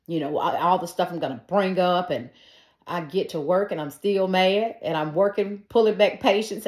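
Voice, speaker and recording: Middle-aged woman, low voice, earnest conversational testimony, echoey room. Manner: earnest and conversational, talks straight to her listeners. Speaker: storyteller sharing her faith testimony. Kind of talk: personal faith testimony told casually.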